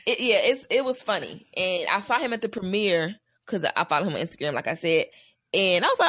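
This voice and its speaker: A woman co-hosting a casual chat show, talking in an animated, jokey way with playful asides. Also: fairly low pitch, fast, no room sound, studio quality. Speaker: podcast co-host.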